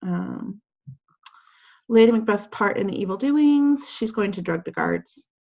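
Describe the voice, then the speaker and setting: A woman's voice: mid-range voice, expressive, unhurried, vocal fry, a little mellow, dull audio. A woman teacher talking a class through quiz questions over a video call in a casual, chatty way, with lots of fillers and acted-out quotes.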